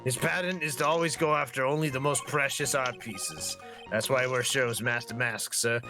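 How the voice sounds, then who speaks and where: A man's voice: medium pitch, steady tone, normal speed, close to an everyday voice. Nervous bumbling officer, read by a man; hesitant, music under him. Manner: hesitant, stammering.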